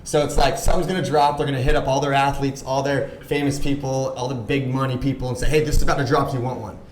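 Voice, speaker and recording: A man in his thirties telling a story on a podcast as a guest, animated and full of "like", acting out the voices of people he quotes. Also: mid-range voice, quick pace, roomy sound, a little hiss or hum. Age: 30s. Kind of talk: casual storytelling chat.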